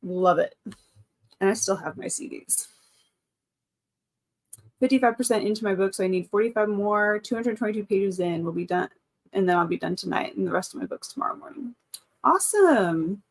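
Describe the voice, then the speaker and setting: A woman's voice: mid-range voice, normal speed, pauses often. Brief: woman, 30s, livestream host, casual and chatty, mid-range voice. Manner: chatty, reads out chat comments, frequent laughs. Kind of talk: casual live-stream chat.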